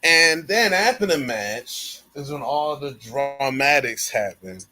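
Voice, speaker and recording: A man's voice: medium pitch, lively intonation, slow pace, over music. A man casually recapping a wrestling show on a podcast, storytelling with slang and acting out the wrestlers' lines. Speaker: podcast co-host.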